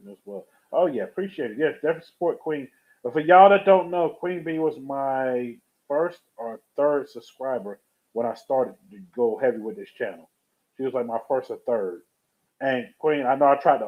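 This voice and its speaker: A man live-streaming, telling a rambling story in a casual, chatty way and greeting viewers from the chat. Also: medium pitch. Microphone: webcam or USB streaming setup. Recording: tinny phone-like sound.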